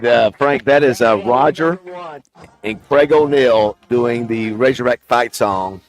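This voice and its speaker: A male radio morning host, talking sports in a chatty, halting way on a live remote broadcast. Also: mid-range voice. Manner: chatty, halting, many fillers. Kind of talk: live on-location radio chat.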